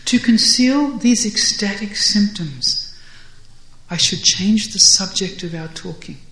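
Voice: mid-range voice, takes it slowly, bright, forceful tone. A storyteller voicing a playful young cowherd hero who blusters in mock anger, with lifted, emphatic lines. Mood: flustered. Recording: roomy echo.

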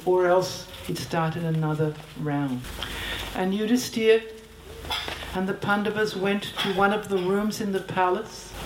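A woman retelling an ancient epic in an earnest way, repeating words for emphasis. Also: mid-range voice. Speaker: storyteller. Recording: roomy echo, faint background hum.

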